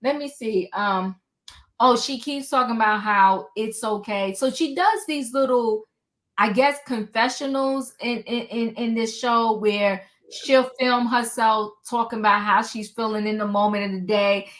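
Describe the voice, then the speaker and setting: High-voiced gossipy woman co-host. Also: unhurried. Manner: animated, gossipy, acts out quotes. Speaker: podcast co-host recapping a reality show. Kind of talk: casual chat.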